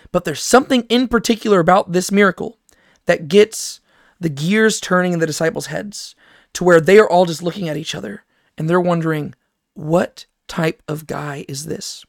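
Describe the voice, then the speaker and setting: A man's voice: high voice, vocal fry, no room sound, clean studio sound. A man teaching a Bible study in a casual, conversational way, often checking in with "right?". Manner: conversational, keeps asking "right?".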